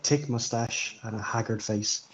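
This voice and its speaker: A man running a tabletop game as game master, narrating scenes in a halting, descriptive way. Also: mid-range voice, lo-fi sound.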